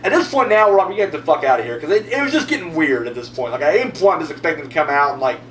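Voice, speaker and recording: Animated, profane man telling a story. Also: a little high, very fast, recorded from a distance. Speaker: video host answering viewer comments. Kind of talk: casual storytelling monologue. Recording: roomy echo, mic set back, faint hum.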